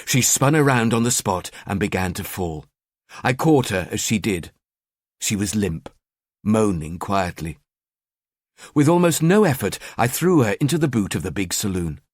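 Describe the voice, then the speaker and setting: A man narrating a crime thriller audiobook in the first person, with a cold, measured delivery. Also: fairly low pitch, big pitch swings, dry recording, studio quality.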